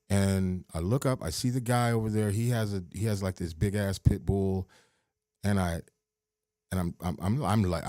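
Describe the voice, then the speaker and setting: A man's voice: deep voice, a little mellow, no echo, studio quality. A middle-aged man hosting a podcast, swearing as he rambles through a personal story with many restarts. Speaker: podcast host.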